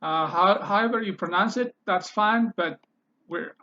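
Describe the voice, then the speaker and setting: A man teaching a language lesson, repeating each word several times and pausing to think with fillers. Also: high voice, bright, forceful tone. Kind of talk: slow spoken language lesson. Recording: slightly dull, lo-fi sound.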